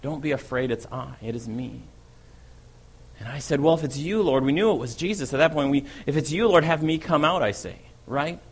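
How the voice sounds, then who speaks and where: A man's voice: fairly high pitch, fairly quick, husky. A man playing an eager, bold fisherman apostle in a first-person dramatic monologue, telling his story in a chatty way and often asking "right?". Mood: wondering.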